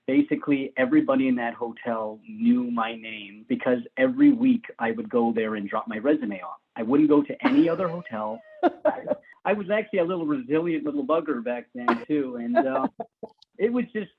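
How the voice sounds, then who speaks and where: A man guest, his voice on the high side, creaky and edged with breath, rambles casually through stories about his early career. He laughs often and keeps restarting sentences. The sound comes through a tinny, phone-like line.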